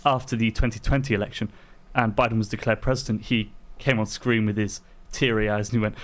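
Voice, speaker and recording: A man's voice: fairly low pitch, fairly even intonation, quick pace, few pauses. An English man co-hosting a casual live-stream chat, speaking hesitantly with frequent ums and restarts. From England. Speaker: podcast co-host.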